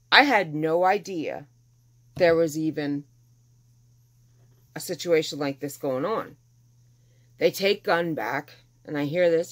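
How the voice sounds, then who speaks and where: A middle-aged woman telling a personal story casually, animatedly acting out the people she quotes. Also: low-pitched. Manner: animated, acts out quoted dialogue with exasperation.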